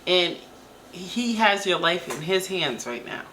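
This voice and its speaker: A woman's voice: lowish voice, expressive, takes it slowly, background noise. A woman hosting a reaction video, giving blunt, opinionated commentary straight to the viewer.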